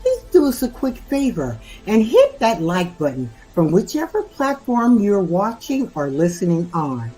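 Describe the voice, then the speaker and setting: A woman reads a scripted show intro in a welcoming tone, her pitch moving freely and animated. Faint music plays underneath. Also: poor audio. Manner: welcoming, lively. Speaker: show announcer.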